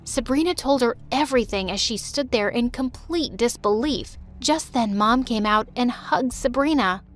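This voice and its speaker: A young woman with a high, bright-pitched voice narrates a dramatic animated story in the first person. Her delivery is emotive and lively, with faint music playing behind her. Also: moderate pace.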